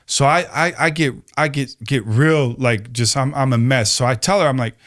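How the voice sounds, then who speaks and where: Animated man telling a wild story. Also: moderate pace. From Chicago, USA. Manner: animated storyteller, acts out quotes with rising pitch, many fillers. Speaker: podcast guest. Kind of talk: storytelling in casual conversation.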